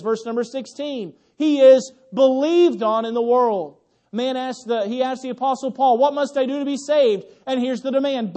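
High-voiced male preacher, loud then hushed. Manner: swings from loud exclamations to hushed, tender passages. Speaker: pastor. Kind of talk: sermon.

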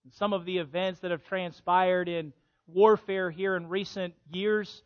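A pastor from Illinois preaching a sermon, swinging between hushed passages and loud, emphatic ones. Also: male voice, sits high, flat delivery, measured pace, muffled recording. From Illinois, USA.

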